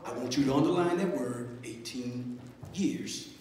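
A man preaching a sermon as a minister, with call-and-response amens, pausing to have the congregation underline words, and building to emphatic stretches. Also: medium pitch, darkish tone, recorded from a distance. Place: church sanctuary. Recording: echoey church hall with long reverb.

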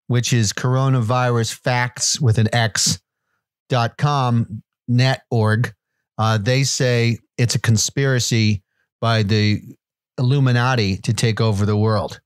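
A man co-hosting a comedy podcast, talking in a deadpan, mock-authoritative way. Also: medium pitch, measured pace, smooth, dry recording. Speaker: podcast co-host. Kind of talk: comedic casual chat.

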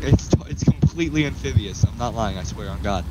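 A man's voice: fairly low pitch, expressive, a little fast, lo-fi sound, very noisy. Young guy gaming w a buddy, jumpy sing-song voice, swearing and saying jolly good show for laughs. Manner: joking, swears freely, mock-posh British catchphrases. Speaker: gamer. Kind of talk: casual gameplay banter.

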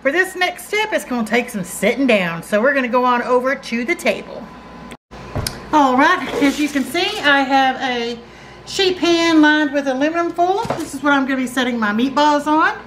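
Southern lady in her kitchen, high voice, chatty and folksy, bit of hiss behind. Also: animated, normal speed, a bit bright, rough recording. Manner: folksy, chatty, says y'all. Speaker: cooking channel host. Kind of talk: casual cooking demonstration. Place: home kitchen.

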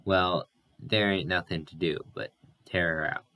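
A man voicing a calm, practical young man who speaks in a drawling rural way. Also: deep voice, measured pace.

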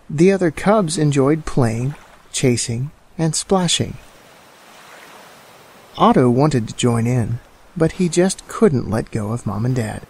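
A man narrating a children's bedtime story in a slow, calm and soothing way. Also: medium pitch, creaky, a little hiss or hum. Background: soft music.

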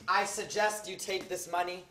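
A woman playing a calm, matter-of-fact male embassy official on stage, who lays out a plan. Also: medium pitch, a little hiss or hum. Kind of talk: stage play acting. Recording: echoey stage room.

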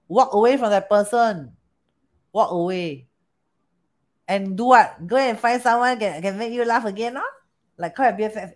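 A woman with a Singaporean accent teaching a lesson, animated, often asking rhetorical questions and switching languages. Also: mid-range voice, moderate pace. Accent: Singaporean English. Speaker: teacher of Chinese metaphysics. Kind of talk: storytelling lesson.

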